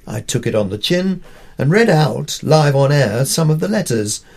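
A man's voice: a little high, lively intonation, normal speed, creaky, darkish tone. An older man from Pakistan reading his own opinion column aloud, with wry, dry humour. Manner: wry, dryly humorous storytelling.

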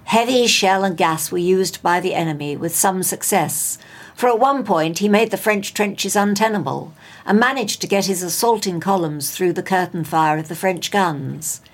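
A woman presents the local news, reading in a steady, measured way. Her voice sits low with a gravelly fry and a husky edge. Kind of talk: read news bulletin.

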